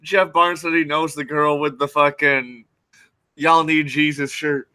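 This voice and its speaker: Bright, tense-voiced podcast host man. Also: fairly high pitch, flat delivery, unhurried, smooth, no room sound. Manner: laughs easily, reads out live chat. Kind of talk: casual chat.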